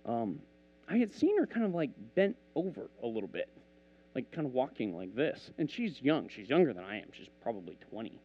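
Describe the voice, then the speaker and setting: A man's voice: medium pitch, a little fast, husky, lo-fi sound. A man preaching a casual, conversational sermon, telling stories and acting out bits of dialogue. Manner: animated, conversational, acts out dialogue.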